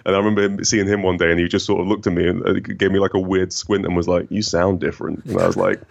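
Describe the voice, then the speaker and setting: A man with a rich, smooth voice and a faint northern English accent, chatting casually as a guest with lots of restarts and self-deprecating asides. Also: low-pitched, little pitch movement, fast, dull audio. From northern England. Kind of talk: casual conversation.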